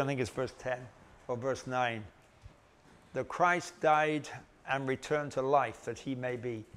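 A man gives a Bible lecture in a relaxed, conversational way. His voice sits at an ordinary middle pitch, and he often pauses and restarts mid-sentence. He slips in gentle jokes at his own expense. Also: clean tone. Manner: conversational, with gentle self-deprecating humor. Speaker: Bible teacher.

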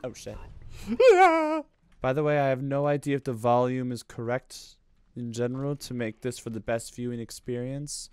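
A man streaming games who yells, yelps and swears at what happens on screen. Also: medium pitch, fairly even intonation, fairly quick, clear, resonant tone, no echo. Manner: loud yelps, screams and swearing at the game. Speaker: VTuber streamer. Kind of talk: gaming stream commentary.

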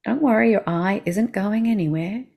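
A woman with an Australian accent guiding a slow body-awareness lesson, speaking soothingly and asking the listener gentle questions. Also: medium pitch, gravelly. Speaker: movement instructor.

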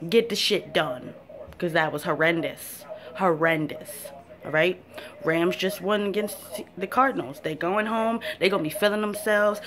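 Fired-up cursing woman football fan. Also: lowish voice. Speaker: sports fan vlogger. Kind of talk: profane football rant to camera.

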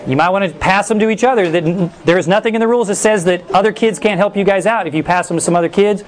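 A middle-aged male teacher giving a class brisk, playful instructions. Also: high-pitched, noisy background. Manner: energetic, brisk, playful commands.

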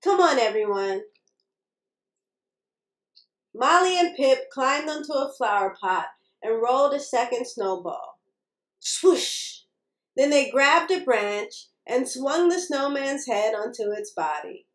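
A woman reading a children's bedtime story aloud in a slow, expressive, sing-song way. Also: sits high, reverberant. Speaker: children's book reader.

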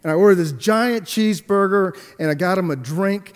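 A pastor telling a story in a sermon, swinging between hushed and emphatic delivery, with halting restarts and repeated words. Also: male voice, high voice, clean tone. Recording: long echoey hall reverb.

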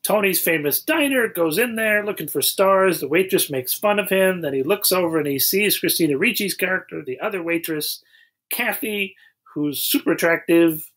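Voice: mid-range voice, lively intonation, normal speed, a bit bright, slightly rough. A podcast co-host who recaps a plot matter-of-factly, with plenty of "um" and "uh". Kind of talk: casual chat.

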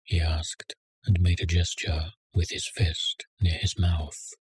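A man reading a story aloud in a measured, sardonic way. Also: deep voice, little pitch movement, darkish tone, breathy edge, dry recording. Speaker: narrator. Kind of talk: scripted story narration.

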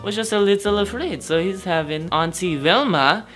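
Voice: mid-range voice, normal speed, a bit bright, faint music behind, natural voice. A performer playing a flamboyant rich old aunt who plays matchmaker, in a shifting, put-on German-like accent, with a theatrical and bawdy rambling manner. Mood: grandly flirtatious. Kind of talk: comedic character monologue to camera.

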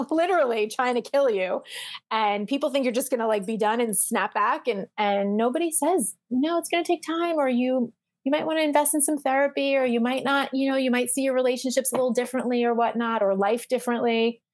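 Appearing as a podcast guest, a middle-aged woman tells her story candidly and animatedly, acting out the voices of people she quotes and using frequent fillers. Her voice is a little high with a darkish tone.

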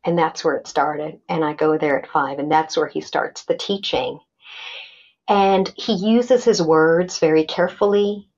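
A woman's voice: deep voice, unhurried, darkish tone, dull audio. A middle-aged woman recounting a personal story as a podcast guest, animatedly acting out quoted dialogue with many restarts.

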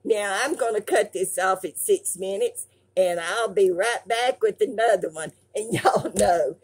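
A woman's voice: medium pitch, a little slow, breathy edge. An older woman, hosting her craft channel and reading fan mail aloud in a folksy, affectionate way.

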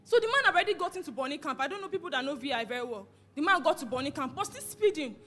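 A young Nigerian woman telling an animated personal testimony in church, slipping into Pidgin. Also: sits high, rapid-fire. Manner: animated storytelling, switches into Pidgin. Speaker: church member giving testimony.

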